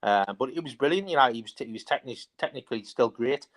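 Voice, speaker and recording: A man's voice: mid-range voice, lively intonation. A middle-aged man telling stories about his football career in a rambling, casual way, full of fillers. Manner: rambling, fast, many fillers. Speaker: interview guest, former footballer. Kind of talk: casual storytelling.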